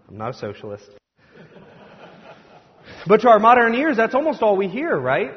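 Pastor, male, slightly high voice, chatty sermon, dull recording with a long hall reverb. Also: sing-song, moderate pace, long pauses. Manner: conversational, joking, acts out crowd voices. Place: church sanctuary.

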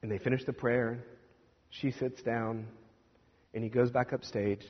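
A male minister tells a story from the pulpit, hesitating and restarting, then slipping into the voices of the people he quotes. His voice has a husky edge and sits at a middle pitch. It is heard through a dull, lo-fi recording with a long hall reverb. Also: flat delivery, unhurried. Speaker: Presbyterian minister. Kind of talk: sermon storytelling.

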